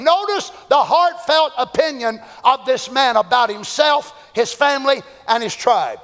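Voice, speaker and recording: A man preaching a fervent sermon, swinging between shouts and hushed asides, with long hall reverb. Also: extremely high pitch, moderate pace, few pauses. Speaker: pastor. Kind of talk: Pentecostal sermon.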